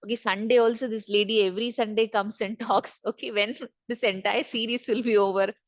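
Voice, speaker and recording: A woman's voice: mid-range voice, fairly even intonation, fairly quick, no room sound. Woman trainer on a video call, dry sound. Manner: repeats key points for emphasis, asks the group questions. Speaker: corporate trainer. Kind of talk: online training session.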